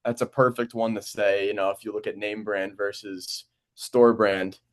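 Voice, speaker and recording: A man's voice: lowish voice, level tone, normal speed. A young man in his twenties co-hosting a sports podcast, laid-back with short, agreeing replies. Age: 20s. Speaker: podcast co-host. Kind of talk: casual sports podcast chat.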